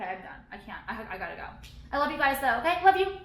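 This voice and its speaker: A woman's voice: sits high, very animated, fast, fairly bright tone. A woman in a profane, heated, sarcastic vlog rant. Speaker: vlogger. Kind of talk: ranting vlog monologue. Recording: echoey room.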